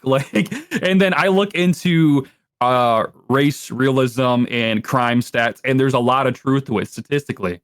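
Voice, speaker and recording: A man's voice: mid-range voice, a little slow, dry recording, clean studio sound. A young adult man talking as a podcast guest in a rambling, profane way, full of filler words. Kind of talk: casual podcast chat.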